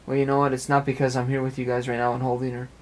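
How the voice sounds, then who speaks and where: A man's voice: mid-range voice, monotone, very fast. A young man talking at length in an earnest, rambling personal monologue, repeating phrases as he goes, recorded in an apartment. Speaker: amateur web radio speaker.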